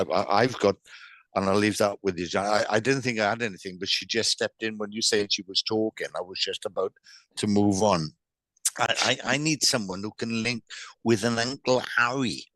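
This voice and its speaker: A man with a lowish voice gives a psychic reading and relays what the spirits say. He stumbles, restarts and repeats words. The sound is dry and close, with no room echo. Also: a bit bright. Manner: relays spirit messages in quoted speech. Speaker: psychic medium. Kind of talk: live online mediumship reading.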